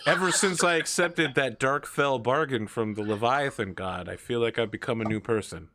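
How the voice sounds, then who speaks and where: A man's voice: mid-range voice, moderate pace, pushed and bright, no echo. A man doing Hal, a chipper odd warlock. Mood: cheerful. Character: eerie male warlock, cheerfully odd.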